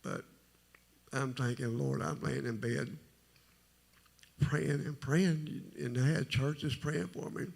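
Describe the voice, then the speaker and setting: A middle-aged man with a very deep, gravelly voice, telling his testimony at a church service in a halting, rambling way. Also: steady tone, a little mellow. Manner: rambling, halting, folksy storytelling. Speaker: testimony speaker.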